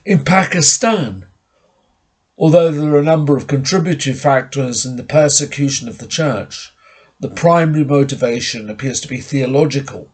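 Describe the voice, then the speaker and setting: A man delivers a measured, formal sermon in a husky voice. His pitch sits in the middle of the range, and he sounds like he is lecturing from a pulpit. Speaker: preacher.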